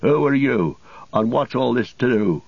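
Man reading as a hearty rustic hobbit farmer, older, blunt, husky low voice, dull lo-fi sound. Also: animated, measured pace, no echo, full character voice. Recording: dull lo-fi recording.

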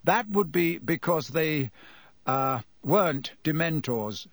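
Man voicing a gentle, slow-spoken teacher. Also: on the high side, animated, no room sound. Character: calm, kindly male teacher.

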